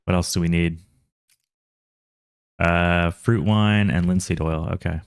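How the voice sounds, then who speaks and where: A man's voice: sits low, fairly even intonation, slow, smooth, dry recording, clean studio sound. A man with a Texan accent chatting casually through a game stream, talking to himself and his chat and laughing often. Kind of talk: casual gameplay commentary.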